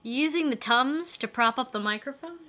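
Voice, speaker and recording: Young female co-host, bright tone, joking interjections, casual chat. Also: sits high, lively intonation. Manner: joking, quick interjections, hesitant fillers. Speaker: co-host reviewing episodes.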